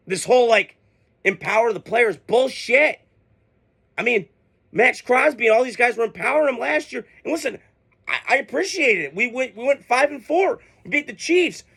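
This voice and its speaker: A man's voice: extremely high pitch, sing-song, normal speed, gravelly, sharp tone, breathy edge. A man hosting a sports show, ranting casually with heated, profane, exasperated outbursts. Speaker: sports podcast host.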